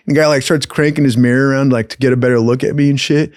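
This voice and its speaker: A young man spins a rowdy, profanity-laced story in a loose, animated way, slipping into other people's voices now and then. His pitch sits in the middle range. The recording is dry and close, with no room sound. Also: racing, hardly any pauses, dry recording. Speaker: podcast host. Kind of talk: casual storytelling.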